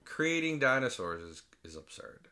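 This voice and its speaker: Young male co-host, lively and bright, casual and profane. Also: mid-range voice, moderate pace. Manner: loose, profane, slips into mock voices. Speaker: podcast co-host. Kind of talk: casual movie chat.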